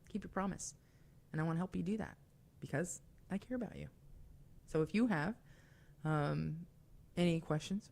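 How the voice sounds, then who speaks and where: Young woman hosting call-in radio, low gravelly voice, chatty asides and fillers. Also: darkish tone. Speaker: radio show host. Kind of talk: casual call-in radio talk.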